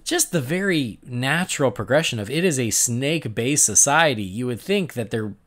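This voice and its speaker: Animated podcast host with a lively voice. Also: male voice, mid-range voice, moderate pace. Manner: animated, laughs often, acts out his reactions. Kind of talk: casual chat.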